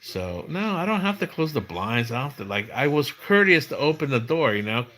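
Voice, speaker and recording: Sing-song and fairly quick, a middle-aged livestream host with a medium-pitched, slightly bright voice chats casually. His stories wander loosely, and he restarts them often.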